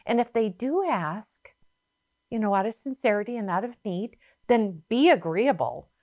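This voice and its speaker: A woman's voice: medium pitch, expressive, moderate pace, darkish tone, no room sound, studio quality. A middle-aged woman preaching a sermon, reading scripture dramatically and emphatically.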